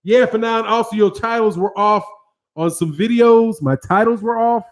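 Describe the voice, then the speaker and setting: A man with a fairly high voice hosts a boxing livestream, answering his viewers' chat as it comes in. He talks loose and slangy and swears freely, speaking straight into a studio mic. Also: normal speed. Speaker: boxing channel host. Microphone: studio microphone with several cameras.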